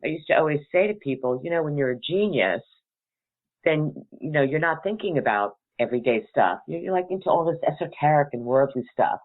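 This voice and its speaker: A middle-aged woman hosts a radio talk show, chatting casually and telling rambling stories while laughing often. Her voice is low, expressive and fairly quick, heard over a tinny, phone-like line.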